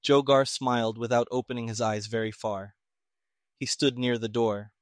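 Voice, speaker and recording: A man reading a story aloud in measured, even audiobook narration. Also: medium pitch, no echo, studio quality.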